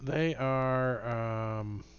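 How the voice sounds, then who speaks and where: A man's voice: mid-range voice, extremely slow, smooth. Male game master, casual and rambling, muffled voice-chat audio. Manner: casual, rambling, many fillers. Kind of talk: narrating a tabletop game.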